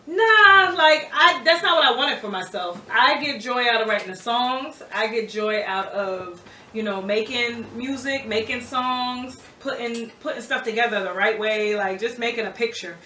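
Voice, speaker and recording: A young woman, a rapper, telling stories in a casual interview, animated and often laughing. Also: on the high side, normal speed, recorded from a distance. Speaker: rapper guest. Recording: roomy echo, off-mic, faint background noise.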